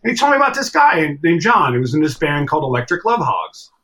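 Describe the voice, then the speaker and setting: A middle-aged man from the United States tells stories in a relaxed interview with a bright, forceful voice that sits a touch high. He talks animatedly, acting out the people he quotes and swearing now and then. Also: quick pace. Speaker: drummer and podcast guest. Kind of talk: casual storytelling interview.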